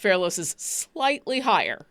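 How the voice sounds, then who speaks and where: Lively woman chatting about her game. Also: mid-range voice, measured pace, no echo. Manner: animated, laughing, restarts often. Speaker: player. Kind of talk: casual chat about a tabletop game.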